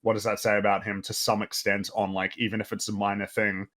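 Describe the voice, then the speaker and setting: A man with a lowish voice joins a casual chat. He agrees briefly, then builds analytical points about storytelling. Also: little pitch movement, fast talker, fairly bright tone. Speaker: stream panelist.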